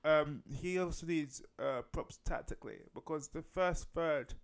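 A man's voice: fairly high pitch, a little slow, smooth. A man co-hosting a casual football podcast, easygoing and analytical. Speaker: podcast co-host.

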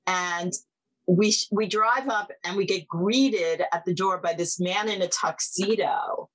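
A middle-aged woman, a filmmaker guest, telling stories in a chatty, animated way full of "like". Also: fairly low pitch, measured pace, poor audio. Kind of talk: casual storytelling.

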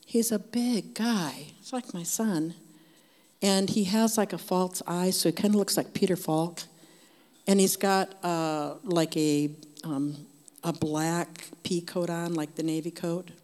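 Low-voiced older woman sharing testimony. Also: steady tone, slow, a little mellow. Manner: earnest, conversational storytelling. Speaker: member of a church group sharing. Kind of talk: personal faith testimony. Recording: long hall reverb.

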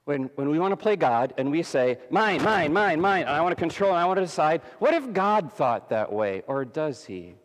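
A man preaching a sermon as pastor, dramatic, swinging between loud emphasis and hushed softness. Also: a little high, very animated, fairly quick, hardly any pauses. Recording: long hall reverb.

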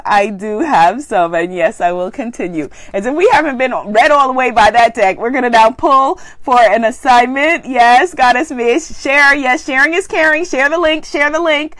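A woman's voice: sits high, a bit bright, no room sound. A woman hosting a spiritual live stream at home, chatting casually and reading viewer comments with exuberant, affectionate energy. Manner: exuberant, affectionate, breaks into cheers and laughter. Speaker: spiritual livestream host.

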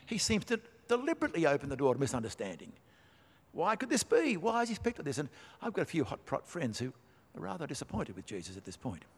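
Male preacher, emphatic and wry, fairly high voice, echoing church hall. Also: wildly swooping pitch, fast talker, husky. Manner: emphatic, rhetorical questions, dry asides. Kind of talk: sermon. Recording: long hall reverb.

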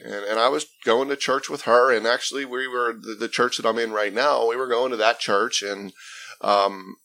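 A man's voice: medium pitch, fairly even intonation, moderate pace, sharp tone. A man earnestly telling his faith testimony in a conversational interview, emphatic and often restarting his phrases. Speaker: guest sharing his testimony.

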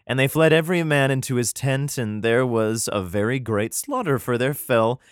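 A young man reads archaic scripture in a dry, close-miked voice, stopping often to mock it with crude, sarcastic asides. His voice sits in an ordinary middle pitch for a man. The reading swings between formal verse and blunt, swearing commentary. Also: moderate pace, clean tone, no room sound. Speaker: host reading scripture aloud. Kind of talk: irreverent comedic reading with profane asides.

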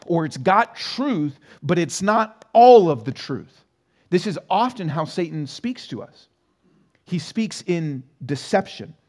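A male pastor delivering a conversational sermon in a church, his somewhat high voice rising and falling with lively energy. He keeps it personal and relaxed, asking rhetorical questions to the congregation. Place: church sanctuary.

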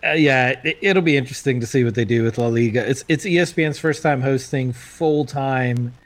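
A man's voice: medium pitch, brisk. A man co-hosting a casual sports chat, joking, swearing and slipping into mock voices. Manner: profane, joking, puts on mock voices in quotes.

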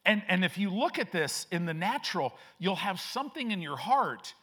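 A man's voice: high-pitched, big pitch swings, normal speed, bright, forceful tone, slightly rough. A man preaching a sermon as pastor, emphatic and repetitive, with frequent restarts.

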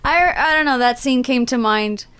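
A woman's voice: sits high, normal speed, fairly bright tone, clear, resonant tone. A woman on a casual movie podcast, thoughtful and searching for words as she recalls a scene.

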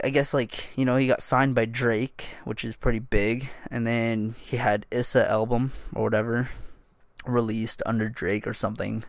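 A man's voice: mid-range voice, vocal fry, dry recording, clean studio sound. A man hosting a solo podcast in loose casual chat, swearing and laughing often as he drifts from thought to thought. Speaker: podcast host.

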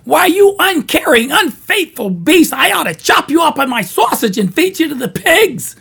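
A man voicing a shrill, cranky old grandmother in a comic sausage ad, with a scolding, hollering manner. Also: sing-song, moderate pace, creaky, heavily acted. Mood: outraged. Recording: radio ad being replayed.

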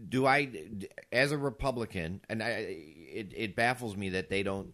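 A man's voice: lowish voice, expressive, moderate pace, fairly bright tone. A man co-hosting a casual podcast, reasoning aloud and arguing his points through rhetorical questions. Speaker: podcast co-host.

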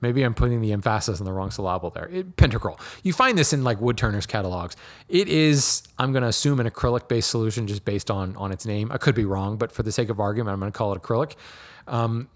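Relaxed man answering listener questions. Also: on the low side, quick pace. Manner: relaxed, many ums and restarts, laughs lightly. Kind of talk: casual explanatory talk.

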